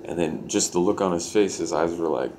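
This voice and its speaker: A man's voice: low voice, brisk, a little mellow, a little hiss or hum. A young man telling a personal story in a loose, profane way, full of "like" fillers. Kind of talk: casual storytelling.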